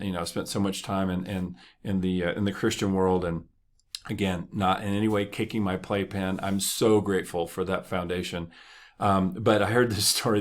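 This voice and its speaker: A man hosting a motivational podcast, talking casually and joking as he tells stories. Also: deep voice. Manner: conversational, joking, laughs often. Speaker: podcast host.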